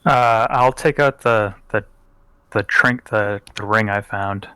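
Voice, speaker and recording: A man playing in a tabletop game, speaking hesitantly with halting restarts. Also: on the low side, sharp tone, smooth, no echo. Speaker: player.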